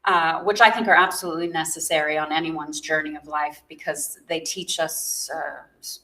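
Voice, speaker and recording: A woman's voice: deep voice, steady tone, moderate pace, bright, forceful tone, reverberant, low-quality recording. A woman from South Africa, a guest on a talk show, chatting casually in an upbeat way and laughing often. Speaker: guest, magazine founder. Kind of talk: casual interview chat.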